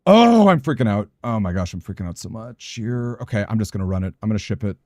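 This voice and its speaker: A man streams a video game for let's play commentary, quickly muttering his anxious plans aloud. His voice is fairly low, steady, and a little mellow, captured in a dry recording.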